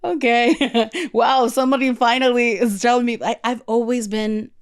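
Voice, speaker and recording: A woman's voice: on the high side, fairly even intonation, normal speed, clean tone. A woman hosting a podcast, telling a story in a chatty, casual way with lots of fillers. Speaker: podcast host. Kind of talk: casual chat.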